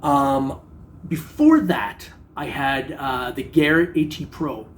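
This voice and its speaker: This middle-aged man talks at a slow pace in a medium-pitched voice, vlogging casually about metal detecting with slight background noise. He's laid-back and jokey, rambling with plenty of fillers.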